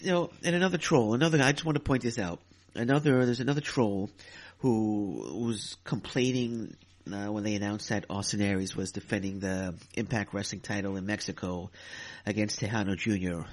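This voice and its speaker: Exasperated ranting man, lowish voice. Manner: ranting, exasperated, repeats himself. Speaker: podcast host. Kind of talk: casual solo podcast commentary.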